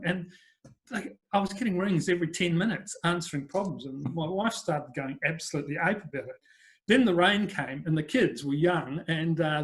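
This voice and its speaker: Telling stories in a casual interview, this older New Zealander, a business coach, has a voice pitched a bit above most men's. He rambles in a friendly, anecdotal way and uses plenty of fillers.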